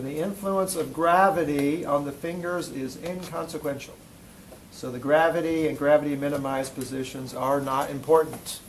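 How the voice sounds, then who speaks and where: A man's voice: on the high side, slight background noise, poor audio. Man teaching a hands-on anatomy class. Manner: questioning students, demonstrating on a volunteer. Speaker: physical therapy instructor. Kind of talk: classroom demonstration lecture.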